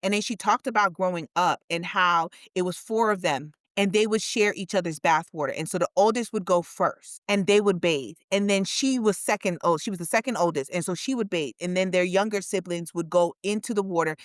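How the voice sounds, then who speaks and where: A woman co-hosting a casual chat show, telling stories in an animated way and jumping her voice up high for emphasis. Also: fairly quick, hardly any pauses, no room sound, studio quality. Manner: animated storyteller, voice leaps up for emphasis. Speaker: podcast co-host.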